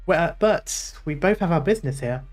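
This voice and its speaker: A man's voice: a little high, animated, brisk, soft background music. Giggly man reading a game story. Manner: giggly, easily amused, reads story aloud. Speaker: streamer. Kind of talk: casual gameplay commentary.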